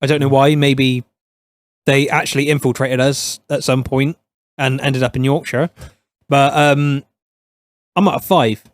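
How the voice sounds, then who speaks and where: A man co-hosting a podcast, making blunt deadpan jokes in casual chat. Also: medium pitch, measured pace, long pauses, no echo.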